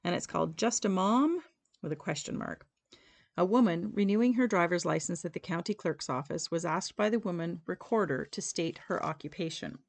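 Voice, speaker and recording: A woman hosting a local community show, reading local history and an old newspaper clipping aloud in a measured, steady way. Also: fairly low pitch, vocal fry. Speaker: community podcast host.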